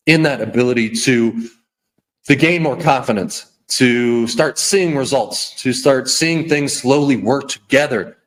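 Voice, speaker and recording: A man hosting a podcast, giving a blunt, preachy motivational rant full of repeats and "okay?". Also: mid-range voice. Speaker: podcast host.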